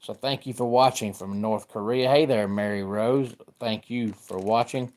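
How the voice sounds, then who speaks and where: A middle-aged man from Georgia with a Southern accent hosts a casual live-stream sports talk, chatting about football and greeting viewers by name. His fairly low, a little mellow voice keeps fairly even intonation at normal speed.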